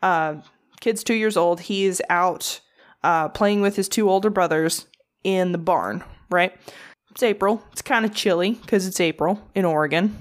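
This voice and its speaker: A woman's voice: fairly low pitch, a little slow. A woman co-hosting a podcast, telling a true crime story in casual, profane chat. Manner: profane, animated storyteller with mocking quoted voices.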